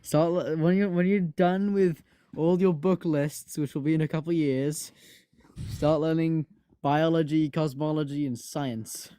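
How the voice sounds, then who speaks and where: Higher, mellow male voice, teasing. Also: steady tone, smooth, no echo, studio quality. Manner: ribbing, halting restarts. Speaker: guest on a livestream. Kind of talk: casual livestream chat.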